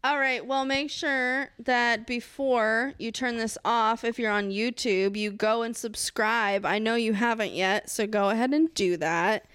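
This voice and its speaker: A woman co-hosting a podcast, telling a story in an animated way with laughter and swearing. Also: on the high side, a little slow, few pauses, clear, resonant tone, no echo. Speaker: podcast co-host. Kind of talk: casual chat.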